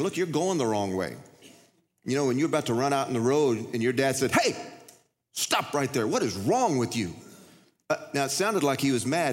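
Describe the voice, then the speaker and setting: Folksy pastor in a reverberant hall. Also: male voice, medium pitch. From United States. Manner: folksy, conversational preaching with repeated restarts. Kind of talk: sermon. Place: church sanctuary. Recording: long reverb of a large hall.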